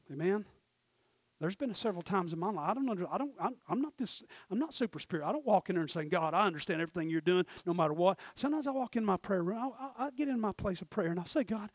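A middle-aged man, preaching a sermon and swinging from quiet confiding talk to shouted exhortation. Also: high voice, animated, a little fast, no echo. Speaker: pastor.

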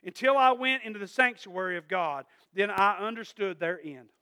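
A man preaching a sermon in a church, asking "Amen?" again and again and swinging from quiet asides to loud emphatic peaks. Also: high-pitched, expressive, moderate pace, smooth, dry recording, clean studio sound. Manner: call-and-response preaching, repeated "Amen?". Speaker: pastor.

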